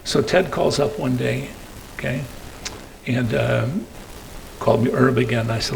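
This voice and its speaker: An older man giving a rambling storytelling talk at a meeting, tagging his sentences with "okay?" and pausing on fillers. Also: medium pitch, vocal fry, a little hiss or hum, poor audio. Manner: hesitant fillers between phrases. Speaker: guest speaker.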